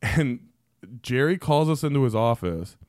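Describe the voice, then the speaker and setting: A podcast guest with a mid-range, slightly mellow voice tells long, profane stories about work, rambling loosely and using lots of fillers. His intonation is lively and unhurried, and the studio sound is clean with no echo.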